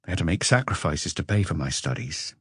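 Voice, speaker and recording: Man doing a worn-out sleepless guy, hesitant, earnest, low voice, dry sound. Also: animated, fairly quick, breathy edge, no room sound. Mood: weary. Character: weary, sleepless forty-year-old man under questioning.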